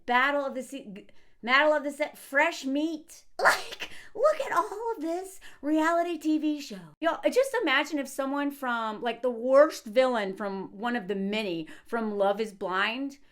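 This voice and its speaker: A woman in her thirties giving an animated, sarcastic commentary rant as a video host. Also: high-pitched.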